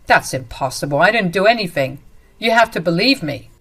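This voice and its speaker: A woman's voice: fairly low pitch, expressive, a little fast, fairly bright tone, breathy edge, exaggerated voice. A woman voicing a lying, cornered husband. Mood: defensive. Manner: defensive, stammering, dismissive.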